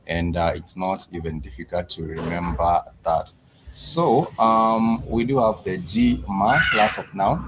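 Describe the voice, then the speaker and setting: A man's voice: low-pitched, a little hiss or hum, poor audio. A man teaching a language lesson on a live stream, patiently repeating each word several times.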